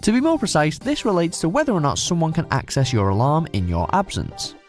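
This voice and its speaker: A man's voice: a little high, huge pitch swings, brisk, soft background music. Wry male list narrator. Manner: wry, sardonic, dry. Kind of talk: scripted narration.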